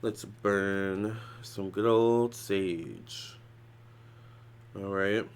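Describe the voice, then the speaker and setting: A man's voice: low-pitched, extremely slow, smooth. A man giving a casual psychic tarot reading in a chatty, loose way, with many fillers and restarts. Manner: prays softly. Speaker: tarot reader.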